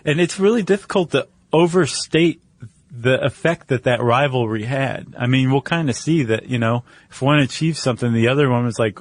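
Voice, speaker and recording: A man's voice: mid-range voice, moderate pace, dry recording. Joking man, dry close-mic sound. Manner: joking, loose and conversational. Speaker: podcast co-host. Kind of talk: casual chat.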